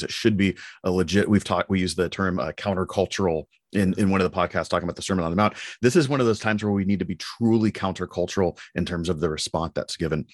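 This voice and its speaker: A man co-hosting a podcast, telling stories in an animated, affirming way in casual discussion. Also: sits low, no room sound, clean studio sound. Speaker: podcast co-host.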